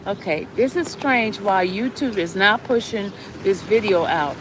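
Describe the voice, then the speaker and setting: A woman's voice: medium pitch, measured pace. A woman giving an update on her own live stream outdoors, coaxing viewers to join and share. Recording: outdoor street noise behind.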